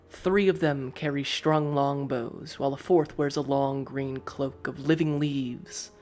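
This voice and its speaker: A man narrating a tabletop game as game master, describing scenes in the second person. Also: mid-range voice. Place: live stream.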